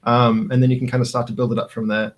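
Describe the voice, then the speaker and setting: A man's voice: mid-range voice, little pitch movement, quick pace, rough recording. An Australian man talking casually while coding on a stream, laid-back and laughing often, walking through code with lots of fillers. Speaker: guest coding helper. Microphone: remote call audio.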